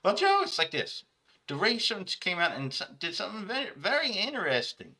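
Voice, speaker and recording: A man plays a raised-pitch sports pundit who trips over his own words and keeps saying the listener's name. He stays eager and pushy. The voice has a gritty edge. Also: sing-song, a little fast, pushed and bright, heavily acted. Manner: stumbling repetitions, keeps addressing the listener by name.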